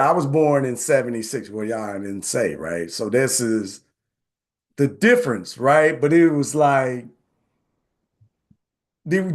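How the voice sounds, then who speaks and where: A man in his forties hosting a live online session, telling personal stories in a casual, animated way and often asking "right?". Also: mid-range voice. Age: 40s. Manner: animated, repeats phrases, says "right?" often. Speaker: host.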